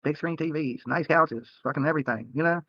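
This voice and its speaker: In a dry recording with dull, lo-fi stream audio, a man live-streams late at night from a hotel room. His fairly high voice moves a little fast as he rants at critics, profane, heated and repetitive.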